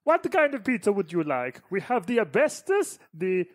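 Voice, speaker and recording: A man putting on a high, hammy voice as a comic pizza shop man with an exaggerated accent. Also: sing-song, no echo, studio quality. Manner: hammy, halting, high put-on voice.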